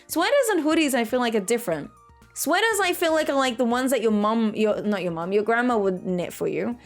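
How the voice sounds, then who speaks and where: A woman's voice: fairly high pitch, expressive, fairly quick, faint music behind. Chatty woman streaming games. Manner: chatty, laughs often, reads chat aloud. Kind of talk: casual chat while gaming.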